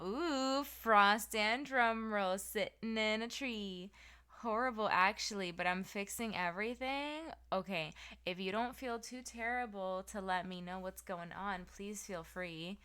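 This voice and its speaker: Young woman streamer, sleepy and giggly, playful slang, bright clear tone. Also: mid-range voice. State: sleepy, yawning. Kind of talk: casual chat reading live chat.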